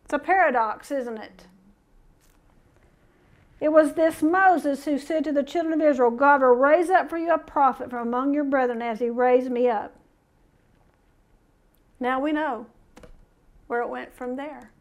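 A woman's voice: high-pitched, a little slow, long pauses. A middle-aged woman preaching a conversational sermon, reading scripture aloud and asking the listeners questions.

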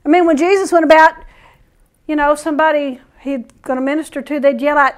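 A woman preacher giving a sermon, telling stories in an animated way and chuckling often. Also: high voice, a little fast.

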